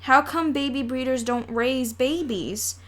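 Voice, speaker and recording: A woman's voice: high voice, unhurried. A woman voicing a mischievous little boy, talking in a playful, teasing way. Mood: curious.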